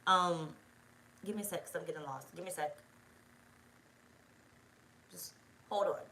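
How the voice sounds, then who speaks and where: A woman's voice: on the low side, a little slow, bright, forceful tone, a little hiss or hum, low-quality recording. Profane, rambling tarot-reading woman. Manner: rambling, profane, talks straight to viewers. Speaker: tarot reader. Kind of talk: casual spoken tarot reading.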